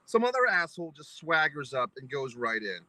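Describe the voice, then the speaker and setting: A man's voice: fairly high pitch, very animated, a little fast, pushed and bright, no room sound, rough recording. A man vlogging a foul-mouthed, exasperated anecdote, mock-philosophical as he spells out its lessons. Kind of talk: profane ranting anecdote to camera.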